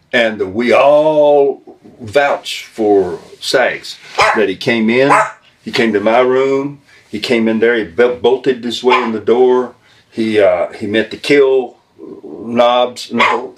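A man's voice: medium pitch, slow, slight background noise. A man casually telling a story as an interview guest, loose and laughing.

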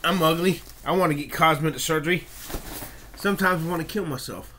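Brief: bright, slightly high male voice, profane confrontational rant, jumps from low mutter to shouting. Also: brisk, a little hiss or hum. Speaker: video blogger. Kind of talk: angry rant to camera.

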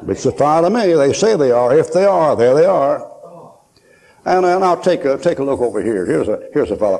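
Older male preacher, folksy joker, warm mellow tone, animated pitch. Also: moderate pace, vocal fry. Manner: folksy, joking storyteller, laughs often. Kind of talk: sermon at a conference.

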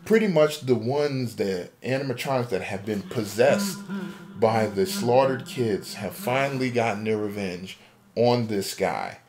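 A man's voice: fairly low pitch, animated, a little slow, darkish tone, slight background noise. A man casually retelling a game theory as a story, acting out a panicked character's inner voice. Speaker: podcast co-host. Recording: amateur podcast recording.

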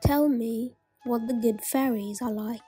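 A woman's voice: a little high, unhurried, dark tone, husky, soft background music. A woman voicing a cunning male water sprite in a storybook reading, asking a testing question.

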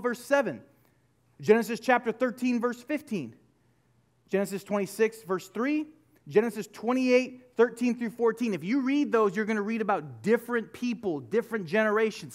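Male pastor, high and very lively voice, casual storytelling sermon with emphatic repeats. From United States. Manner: animated, conversational storytelling with emphatic repetition. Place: church sanctuary.

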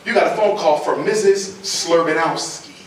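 A man's voice: a little high, moderate pace, heavy background noise. A man giving a fiery public lecture, speaking in a blunt, mocking, preacher-like way. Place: lecture hall with audience. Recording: echoey hall, distant mic, audience.

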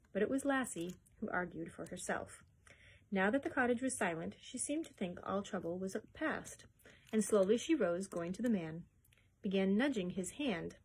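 A woman librarian reading a children's chapter book aloud in a steady, expressive storytelling voice. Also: medium pitch, slightly rough, low-quality recording.

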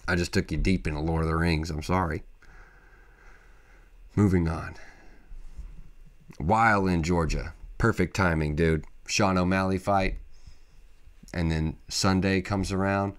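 A man hosting a podcast, talking casually and excitably, with lots of emphatic interjections. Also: low-pitched, a little slow, pauses often. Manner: excitable, emphatic, peppered with "freaking" and "dude". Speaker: podcast host. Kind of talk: casual solo podcast monologue.

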